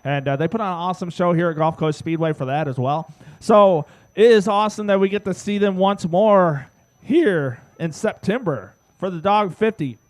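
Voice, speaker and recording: A man's voice: high-pitched, moderate pace, a little mellow, dry recording. A man announcing at a racetrack, thanking a sponsor in an upbeat, plain way. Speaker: track announcer.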